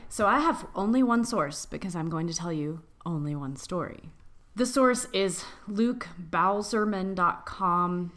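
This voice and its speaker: A woman co-hosting a podcast, chatting casually and giggling, who reads an old legend in a hushed, creepy storytelling voice. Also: on the low side, measured pace. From Appalachia. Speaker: podcast co-host. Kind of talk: casual chat and spooky storytelling.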